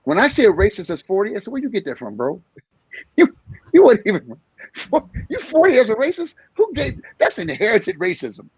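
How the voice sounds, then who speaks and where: A comedian in his sixties talking in an animated interview, acting out little scenes in different voices. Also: high voice, normal speed, breathy edge, dry recording, dull audio. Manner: energetic storyteller acting out voices. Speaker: comedian guest.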